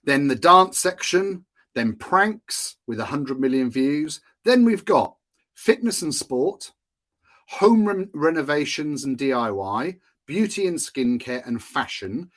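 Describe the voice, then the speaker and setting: A man's voice: fairly high pitch, animated, slow, fairly bright tone. Chatty male marketing podcaster. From United Kingdom. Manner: conversational, with frequent fillers and asides. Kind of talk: casual explanatory podcast talk.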